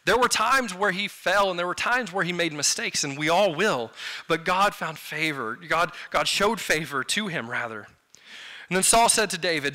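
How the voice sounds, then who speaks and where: A man's voice: fairly high pitch, animated, moderate pace, bright, forceful tone. A man preaching a sermon in a conversational way, turning to the listeners with casual asides.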